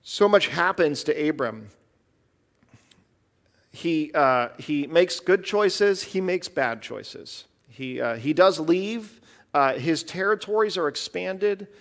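Man, pastor, high tenor, earnest conversational sermon. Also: lively intonation, slow, creaky. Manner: earnest, conversational preaching with fillers. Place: church.

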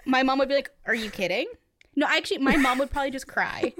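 A woman's voice: high voice, flat delivery, rapid-fire, a bit bright, no echo. A woman co-hosting a casual movie podcast, chatty and self-deprecating, laughing often as she talks. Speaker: podcast co-host. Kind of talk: casual movie-review chat.

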